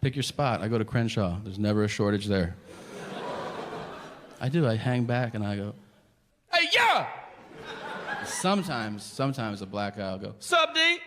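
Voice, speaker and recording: A man doing a stand-up comedy set, telling stories with animated, yelled impressions. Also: lowish voice, normal speed. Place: comedy venue stage. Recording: live venue with long reverb and audience noise.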